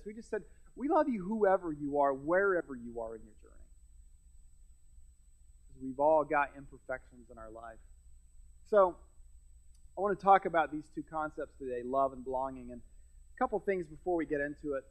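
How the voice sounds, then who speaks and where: A man's voice: on the high side, normal speed, rough recording. A middle-aged man preaching a sermon as pastor, conversational with self-deprecating humor and frequent restarts. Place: church sanctuary.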